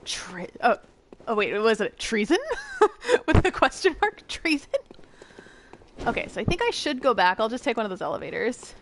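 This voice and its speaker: A woman's voice: a little high, big pitch swings, fairly quick, a bit bright, a little hiss or hum. A young American woman streaming a game, chatting casually with viewers in a giggly, rambling way. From United States. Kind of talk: casual gameplay chat with viewers.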